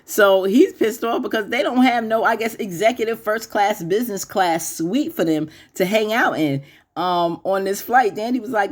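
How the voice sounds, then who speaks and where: A woman hosting a casual TV recap, chatty and opinionated, laughing often and pitching her voice up to mimic the characters. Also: normal speed. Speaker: YouTube TV recap host.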